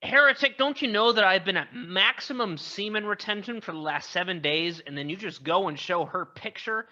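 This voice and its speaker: A male co-host with a high, bright, sharp voice, firing off crude, mock-outraged banter laced with swearing. The audio is dull and lo-fi. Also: moderate pace. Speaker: podcast co-host. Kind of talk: casual podcast banter.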